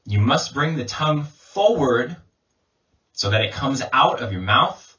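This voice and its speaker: A man as an English coach, giving a slow pronunciation lesson and repeating sounds as drills. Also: mid-range voice, animated, sharp tone. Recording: distant mic, dull lo-fi sound.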